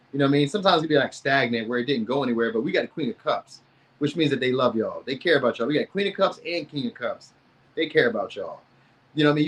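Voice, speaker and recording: Slangy casual man reading tarot. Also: medium pitch. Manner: loose slangy chatter, reacting to chat comments. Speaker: tarot reader.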